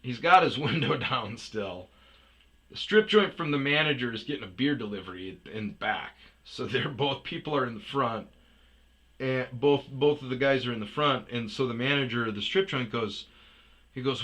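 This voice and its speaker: Bright-voiced man telling a profane story. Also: medium pitch, normal speed. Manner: profane, animated storytelling with yelled reenactments. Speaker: storyteller host. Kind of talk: casual ranting anecdote.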